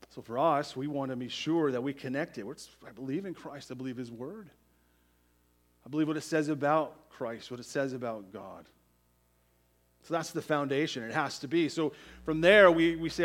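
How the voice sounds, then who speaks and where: A pastor preaching a sermon in a slightly high male voice. He drives his points home with emphasis and keeps tossing in "right?" to his listeners. His volume swings from forceful declarations down to near-quiet.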